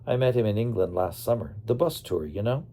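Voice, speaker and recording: A man's voice: lowish voice, expressive, mellow. A man voicing a witty young Australian woman. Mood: teasing. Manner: quick, teasing retorts. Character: young Australian woman, playful and quick-witted.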